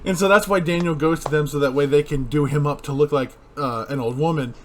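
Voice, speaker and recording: A man's voice: a little high, fairly even intonation, fast, a little hiss or hum. Casual young man recapping a movie. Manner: retelling scenes, quoting lines, laughing. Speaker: podcast co-host. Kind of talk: casual movie review chat.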